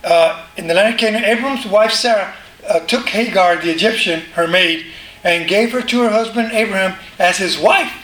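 A man preaching in a lively, conversational style, throwing rhetorical questions at the congregation. His voice is high and bright. The room echoes, and there is a faint background hum. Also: normal speed. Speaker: pastor. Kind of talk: sermon.

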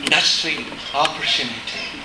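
A middle-aged man preaching a sermon in a chapel, impassioned, dropping to a hush and rising to shouts. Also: fairly high pitch, a little slow, reverberant, noisy background. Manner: impassioned, swings between hushed and shouting.

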